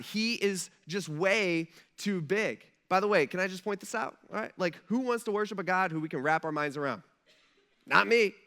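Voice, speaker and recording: A man preaching a relaxed, conversational sermon as pastor, often checking in with the congregation. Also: high-pitched. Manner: casual, folksy, asks the room "right?" often.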